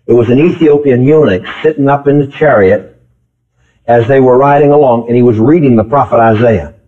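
A man's voice: mid-range voice, fairly quick. A man preaching a sermon in an emphatic style, repeating key phrases and calling out questions to the congregation. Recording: tinny phone-like old tape recording.

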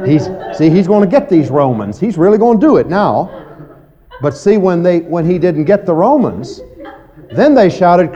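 Animated preacher, folksy and mellow. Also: male voice, normal speed. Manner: animated, acts out quoted voices with big pitch jumps; folksy, conversational, frequent "you see" and "okay". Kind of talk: evening Bible teaching. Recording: muffled lo-fi recording.

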